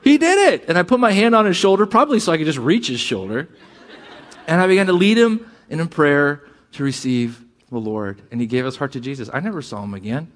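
A man preaching a sermon, animated and jokey, who acts out quoted lines in a raised voice. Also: fairly high pitch, fairly quick. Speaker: pastor.

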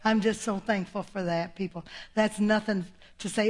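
A woman's voice: medium pitch, steady tone, normal speed, a little mellow. An older woman preaching a sermon, folksy and exclamatory, with laughs between her points.

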